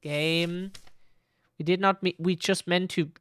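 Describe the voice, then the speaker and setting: A man's voice: high-pitched, steady tone, slow pace, a bit bright, clean tone, no echo. A man streaming a horror game live, commenting in sarcastic, exasperated asides.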